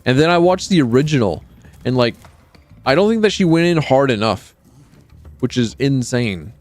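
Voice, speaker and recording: A man's voice: medium pitch, lively intonation, normal speed, soft background music. A man streaming a video game, giving rambling, sarcastic commentary with frequent restarts. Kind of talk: casual gameplay commentary.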